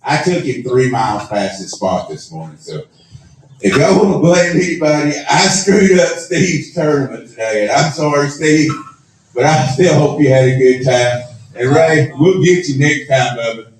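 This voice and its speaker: A man's voice: medium pitch, animated, normal speed, a little hiss or hum. Rambling man in an echoey room. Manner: rambling, self-mocking, acts out dialogue. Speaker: awards show host. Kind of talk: live storytelling to an audience. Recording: echoey room, mic at a distance.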